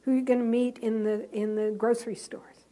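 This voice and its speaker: A woman who is a Catholic nun, giving a talk to fellow sisters and telling a story in a lively, self-mocking way. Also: fairly high pitch, a little fast. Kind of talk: storytelling sermon.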